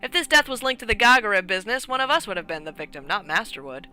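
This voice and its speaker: Gruff, blustering old military man, put on by a woman. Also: medium pitch, very animated, quick pace, sharp tone, faint music behind, voice pushed up. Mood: indignant. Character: blustering red-faced older English army major.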